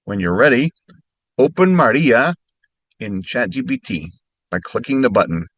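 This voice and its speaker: A man teaching phrases as a language lesson, speaking slowly and carefully and repeating each phrase more slowly. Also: mid-range voice, sing-song, a bit bright, dry recording. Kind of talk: instructional narration.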